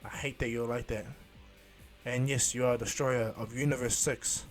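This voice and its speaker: A man's voice: mid-range voice, steady tone, moderate pace, faint music behind, lightly acted. A man voicing an arrogant, all-powerful male destroyer warrior in a fan-told story, speaking sternly and threateningly.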